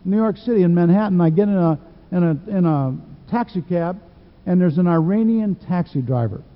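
A man's voice: a little high, in a large hall, dull audio. A man preaching a sermon, telling stories in a folksy way, with frequent restarts. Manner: folksy storytelling with repeated restarts.

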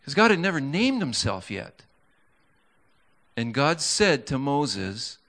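Slow-speaking male preacher. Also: mid-range voice, sing-song, fairly bright tone. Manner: conversational storytelling preaching, rising to fervent emphasis; stammers and restarts. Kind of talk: sermon.

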